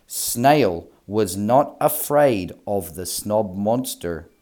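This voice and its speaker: A man reading a children's story aloud in a slow, clear, sing-song way. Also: fairly low pitch, animated, darkish tone.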